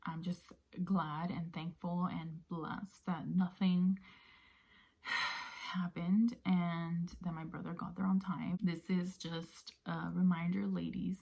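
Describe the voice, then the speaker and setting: A woman vlogger casually telling a personal story, often sinking into a breathy near-whisper, with many fillers. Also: on the low side, darkish tone. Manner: conversational with many fillers like "you know".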